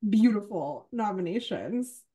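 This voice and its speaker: A woman's voice: medium pitch, lively intonation, unhurried, dark tone. Chatty woman film panelist. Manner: chatty, with joking asides and many fillers. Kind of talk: casual panel chat.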